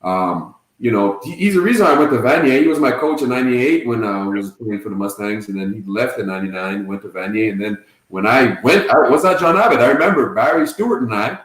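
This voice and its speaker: A man who is a guest on a podcast, chatting casually and relaxed, with many fillers. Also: medium pitch, fast, few pauses. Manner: relaxed, many fillers like "you know what I mean", "man". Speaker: podcast guest, former football player and coach. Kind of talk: casual chat. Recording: echoey room.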